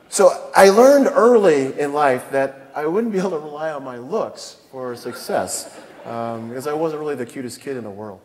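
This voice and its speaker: A man in his fifties from El Paso, Texas, a commanding general, gives a keynote on a theatre stage before an audience, chuckling often through self-deprecating personal stories. His voice sits on the high side, with lively intonation and a brisk pace. The recording has background noise and a long theatre reverb.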